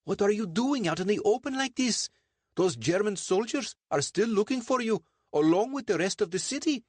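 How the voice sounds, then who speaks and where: A man voicing an excitable local helper in an adventure audiobook, speaking with urgent warnings. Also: high voice, normal speed, dry recording, pitched above the performer's own voice.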